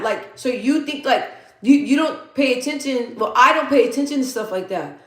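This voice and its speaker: A woman's voice: sits high, animated, moderate pace, a bit bright. Woman, 30s, livestream host, casual chat, repeats herself for emphasis, reads comments aloud, echoey room. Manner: chatty storytelling, repeats phrases for emphasis. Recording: roomy echo.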